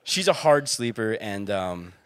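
A man's voice: fairly low pitch, unhurried, clean tone. A young man, a campus EMT, telling a story casually with lots of laughter and acted-out quotes. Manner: animated storyteller, acts out quotes, laughs often. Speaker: campus EMT and podcast guest.

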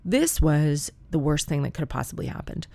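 A woman's voice: low-pitched, very animated, brisk, creaky, dark tone. A woman telling a comic story in a chatty, wry, profane way.

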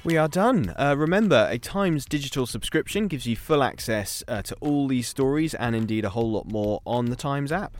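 A man co-hosting a daily news round-up podcast, chatting in a lively way and laughing easily. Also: medium pitch, moderate pace, hardly any pauses, soft background music. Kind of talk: upbeat news round-up chat.

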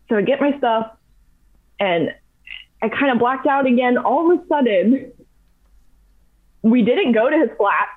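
A young adult woman telling a long story in casual, animated chat, full of fillers. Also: fairly high pitch, normal speed, long pauses. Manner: chatty, animated, heavy use of "like". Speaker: podcast guest. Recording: tinny phone-like audio.

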